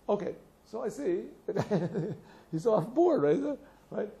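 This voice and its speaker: A man, a rabbi, teaching a class, telling stories in an animated way and acting out the voices in them, then translating a text phrase by phrase. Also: high voice, vocal fry. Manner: animated storytelling, acts out quoted voices, laughs often; translates phrases slowly word by word.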